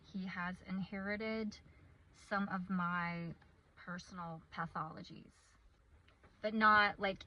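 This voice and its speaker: A woman's voice: mid-range voice, bright, forceful tone, dull audio. A woman and parent giving a comedic, sarcastic, self-deprecating monologue about raising her son.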